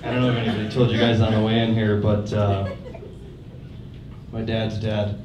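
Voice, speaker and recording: A young man doing a stand-up set in a comedy club, deadpan with quiet mumbled asides. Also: fairly low pitch, moderate pace. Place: comedy club stage, live audience. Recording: roomy club audio from a distance, loud noise.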